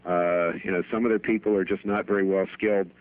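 A man's voice: low-pitched, steady tone, fast, dry recording. A middle-aged man, an accountant guest on a radio show, telling anecdotes in a chatty way and laughing at his own stories. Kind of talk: radio interview storytelling. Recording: tinny phone-band radio broadcast.

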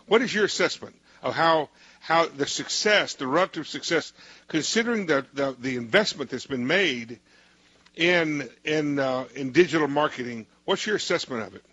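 A man's voice: on the high side, animated, moderate pace, bright, forceful tone, slightly rough, dry recording, dull audio. A male host interviewing a guest, rambling with many restarts and cutting in. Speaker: show host.

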